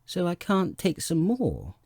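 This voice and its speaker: A man voicing a curious, earnest young girl in a storybook, inquisitive and quick to take offense. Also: a little high, huge pitch swings, warm tone, husky, dry recording, clean studio sound, pitched above the performer's own voice, full character voice.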